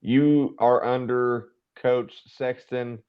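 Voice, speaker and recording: A man hosting an interview podcast, talking warmly and affectionately and telling stories. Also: mid-range voice, fairly even intonation, very slow, clear, resonant tone, muffled recording. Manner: warm, affectionate, storytelling. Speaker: podcast host. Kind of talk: casual interview talk.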